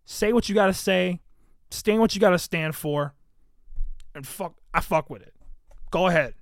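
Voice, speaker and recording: A man's voice: high-pitched, moderate pace, dry recording, clean studio sound. A man hosting a podcast, talking in a casual, profane, ranting way about basketball. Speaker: podcast host. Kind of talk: casual sports chat.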